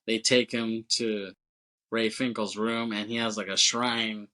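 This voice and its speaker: A man co-hosting a podcast, with a lowish voice that sounds bright and forceful. He recaps a film in a rambling, casual way, leaning on "like" and "you know", swearing freely and chuckling as he goes. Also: flat delivery, a little slow, low-quality recording. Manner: rambling and loose, heavy with fillers, swears and chuckles. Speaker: podcast co-host. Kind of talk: casual movie-recap chat.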